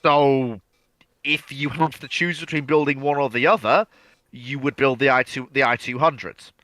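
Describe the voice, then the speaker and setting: A male co-host explains things earnestly in a bright voice, recorded dry and close. He repeats his opening words before settling into each point. He speaks at a middling pitch. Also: steady tone, moderate pace, no room sound, rough recording. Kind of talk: casual live Q&A chat.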